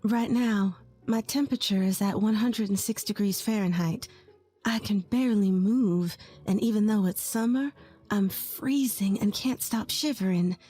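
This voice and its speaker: A young woman in her twenties narrates a first-person story in an earnest, confiding way. Her voice sits at an ordinary middle pitch, and soft music plays faintly under her. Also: unhurried. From rural Texas, USA. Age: 20s.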